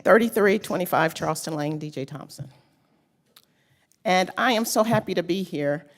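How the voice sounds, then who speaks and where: A woman's voice: lowish voice, normal speed. A woman making an emotional, pleading public comment at a city council meeting, speaking at a podium microphone. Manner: pleading, earnest, tearful at times. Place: council chamber.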